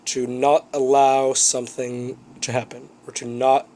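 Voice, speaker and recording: A man's voice: medium pitch, flat delivery, a little slow, dark tone. A male teacher giving a recorded vocabulary review lesson, explaining words plainly and often checking in with students.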